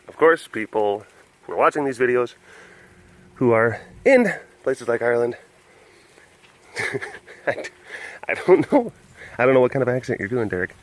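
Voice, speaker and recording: A man's voice: medium pitch, moderate pace, pauses often. A man hosting a casual vlog from an outdoor big cat compound, rambling and joking at his own expense. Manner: jokey, self-mocking, chuckling. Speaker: webcast host.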